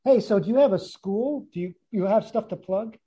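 Casual podcast host, easygoing, husky tone. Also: mid-range voice, moderate pace, mellow, rough recording. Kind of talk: casual interview chat.

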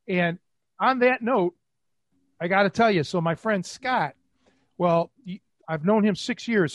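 A middle-aged man from Cleveland, USA, hosts a podcast and coaches catch wrestling. His voice sits high and the recording has no echo. In casual chat, he tells rambling stories full of restarts and filler words.

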